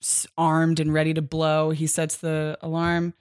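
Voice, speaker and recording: A woman's voice: low voice, monotone, a little slow, a little mellow, smooth, no echo, clean studio sound. A woman co-hosting a podcast, recapping a comic in a rambling, casual way, with many fillers and easy laughter. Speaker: podcast co-host.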